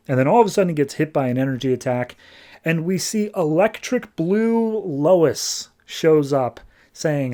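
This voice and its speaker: A man's voice: mid-range voice, moderate pace, mellow. Chatty man recapping a comic. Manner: chatty, conversational. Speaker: podcast host. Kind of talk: casual comic book recap.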